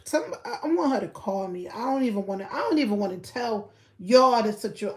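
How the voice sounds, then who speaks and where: A young woman giving blunt, profane gossip commentary on a live stream, repeating her points and breaking into loud laughter. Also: medium pitch, brisk. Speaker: livestreamer.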